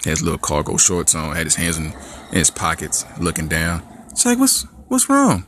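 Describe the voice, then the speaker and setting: A man hosting a podcast, telling a comic story in a casual, animated way with many asides. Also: extremely low pitch, a little fast, a little hiss or hum. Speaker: podcast host.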